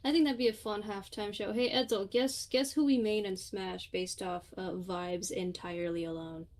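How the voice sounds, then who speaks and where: A young woman co-hosting a gaming stream, chatting casually with playful jokes and quick asides. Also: medium pitch, fairly even intonation, darkish tone. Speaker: streamer co-host.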